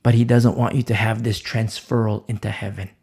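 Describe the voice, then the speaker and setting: A man preaching a sermon, emphatic and repetitive, asking rhetorical questions and swinging from loud emphasis down to a hushed voice. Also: on the low side, little pitch movement, a little fast, husky.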